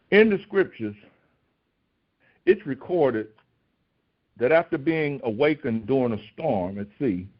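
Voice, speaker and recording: A man preaching a recorded devotional sermon, asking rhetorical questions and pushing his voice high when he acts out pleas. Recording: dull lo-fi recording.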